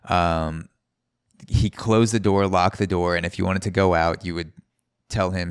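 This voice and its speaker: A man's voice: low-pitched, steady tone, measured pace, clean tone, no room sound, clean studio sound. A male podcast host telling a casual, rambling story with many restarts and some swearing.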